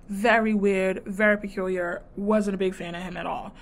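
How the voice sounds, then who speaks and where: A woman vlogger casually recapping a dating show, sassy and animated, acting out quotes in her retelling. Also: mid-range voice, moderate pace, hardly any pauses. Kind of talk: casual chat.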